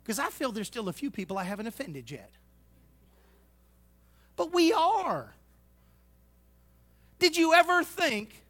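A man preaching a sermon, folksy and teasing, swinging from loud exhortation to hushed asides. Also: very high-pitched. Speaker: pastor.

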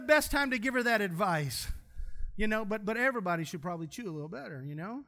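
A man's voice: high-pitched, animated, quick pace, pushed and bright. A man preaching a sermon in a church, folksy and humorous as he tells stories. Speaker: pastor.

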